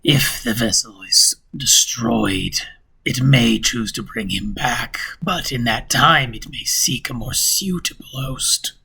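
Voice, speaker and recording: A man voicing an ancient, sinister male entity that is cryptic and amused, speaking slowly with soft whispers in a tabletop game. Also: mid-range voice, creaky, husky, heavily acted. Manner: slow, savoring, with soft chuckles and hissed whispers. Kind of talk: game master voicing a character.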